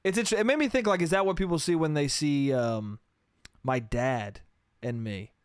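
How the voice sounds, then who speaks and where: A man's voice: fairly high pitch, moderate pace, clean tone, dry recording, studio quality. A man from New York State hosting a solo podcast, rambling, swearing and laughing at himself. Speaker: podcast host.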